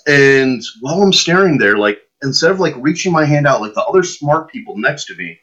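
On a muffled, lo-fi podcast recording, a man with a fairly high, husky voice talks at a fairly quick clip. He's a guest spinning a long, casual anecdote, animatedly acting out the lines of everyone in his story, his own included.

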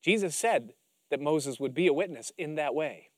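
A male pastor preaching with animated storytelling, acting out scenes as he goes. His voice sits fairly high. The sound is dry and close, with no room around it. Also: moderate pace, no echo. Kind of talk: sermon.

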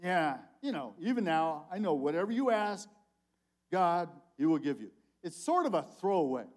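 Animated, casual older male preacher. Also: fairly high pitch, moderate pace. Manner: animated, conversational preaching with big swings in volume. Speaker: conference speaker. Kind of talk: sermon.

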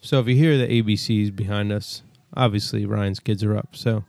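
A man's voice: lowish voice, steady tone, normal speed, gravelly, a little mellow, no room sound, studio quality. A man co-hosting a casual Bible study podcast, walking through chapters and verses in an easygoing, conversational way. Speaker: podcast co-host.

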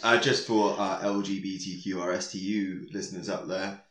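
A man's voice: sits low, steady tone, moderate pace, fairly bright tone, roomy sound, slight background noise. A man co-hosting a podcast in casual chat, crude and laughing as he retells comedy sketches. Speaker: podcast co-host.

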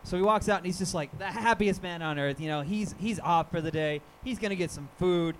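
A man's voice: sits high, fairly quick, slight background noise. A man co-hosting a live podcast show, telling a crude, self-mocking story in a rambling way at a live venue.

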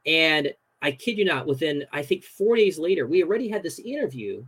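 A young man, a guest on a podcast, telling a story in a casual, animated way with lots of fillers. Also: on the high side, fairly quick, breathy edge, rough recording.

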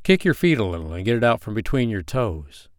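A man's voice: lowish voice, sing-song, brisk, dry recording, studio quality. A man voicing a confident, playful young man in an audio story, speaking in a jokey, upbeat and somewhat commanding way.

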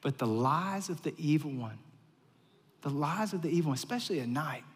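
A male pastor giving a conversational sermon, telling stories, repeating phrases for emphasis, and swinging between hushed and loud delivery. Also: on the high side, animated, fairly quick. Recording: long reverberant hall sound.

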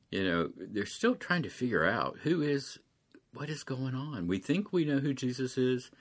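A man with a very low voice delivers a sermon. He talks it through conversationally and reflectively, dropping in small chuckles as he goes. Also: lively intonation, moderate pace, a bit bright. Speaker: pastor.

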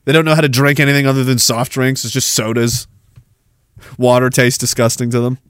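A man's voice: medium pitch, little pitch movement, a little fast, clean tone, dry recording. A man hosting a livestream podcast, ranting sarcastically, laughing at his own riffs and reading chat comments aloud. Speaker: podcast host.

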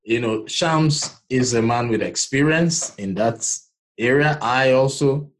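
A man's voice: medium pitch, takes it slowly. A man from Nigeria with a Nigerian accent, hosting a podcast and giving emphatic, preacher-like encouragement. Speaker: podcast host. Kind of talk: motivational podcast talk.

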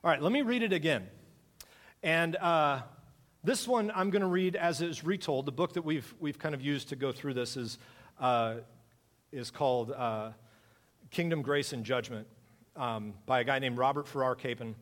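A man's voice: mid-range voice, moderate pace, fairly bright tone, in a large hall. A man preaching a conversational sermon, reading scripture and asking his congregation questions. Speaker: pastor.

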